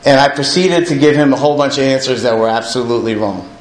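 A man's voice: mid-range voice, quick pace. Candid man in an echoey room. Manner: candid, self-deprecating, plain-spoken. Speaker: recovering alcoholic sharing his story. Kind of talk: personal testimony. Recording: echoey room with faint ambient noise.

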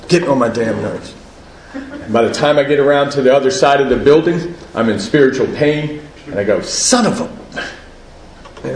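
A man's voice: mid-range voice, roomy sound, poor audio. A man giving a personal share at a recovery meeting, conversational, often asking "right?" and laughing at himself.

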